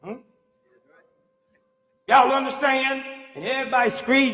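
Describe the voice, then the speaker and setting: A man in his sixties performing a stand-up comedy monologue, animated and preachy, baiting the crowd with rhetorical asides. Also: very high voice, moderate pace. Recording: live hall recording, reverberant, music behind.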